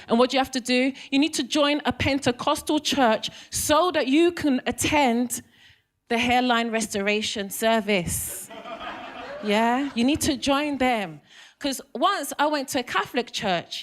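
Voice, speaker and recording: A woman in her thirties from England, with a London accent, performs stand-up on a comedy club stage, teasing the crowd with questions. Her voice is fairly high and her speed normal.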